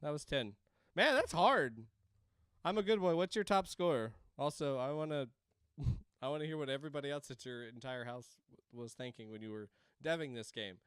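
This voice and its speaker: A man's voice: mid-range voice, expressive, moderate pace, a bit bright, clean tone, dry recording, studio quality. A man playing a video game at home into a desk microphone, rambling, laughing and breaking into screams. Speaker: game streamer. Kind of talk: let's-play commentary. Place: home room.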